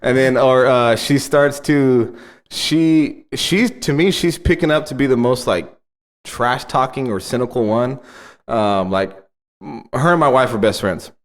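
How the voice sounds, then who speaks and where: A man in his thirties, co-hosting a podcast, tells family stories in casual chat with animated delivery and frequent laughter. His voice is medium-pitched and unhurried.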